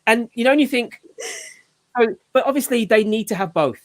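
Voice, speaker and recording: A man's voice: very high-pitched, expressive, fairly quick. A man hosting a casual group video chat, talking in a rambling way with many restarts and "you know"s. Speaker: channel host and father.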